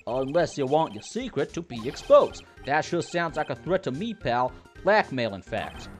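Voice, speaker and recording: A woman's voice: low voice, sing-song, moderate pace, soft background music. A woman doing a blustery tough-guy detective. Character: gruff, loyal male police detective.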